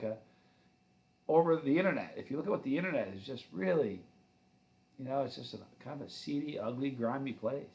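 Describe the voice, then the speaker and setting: A man's voice: mid-range voice, vocal fry, a bit bright. A middle-aged man hosting a livestream, answering viewer comments in a loose, rambling, friendly way with many restarts. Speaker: channel host.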